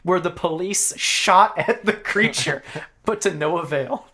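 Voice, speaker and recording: A podcast host reading out research in casual comedic chat, laughing often and swearing casually. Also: male voice, high voice, unhurried, bright, forceful tone, breathy edge.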